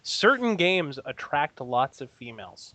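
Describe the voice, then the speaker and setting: A man's voice: on the high side, sing-song, a little slow, pushed and bright, dry recording. A man in casual podcast chat, wry and a little grandiloquent, chuckling mid-sentence. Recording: dull lo-fi audio.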